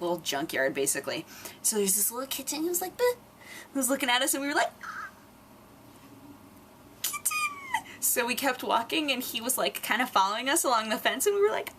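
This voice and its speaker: A young woman telling a casual story on her vlog, animated and acting out quotes in squeaky voices. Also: a little hiss or hum. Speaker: vlogger.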